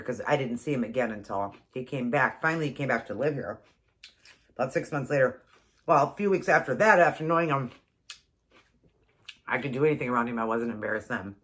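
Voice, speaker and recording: A woman in her forties, a keto vlogger, chats casually and tells a rambling story while eating, laughing frequently and dealing with a runny nose. Her voice is low-pitched with a fairly bright tone.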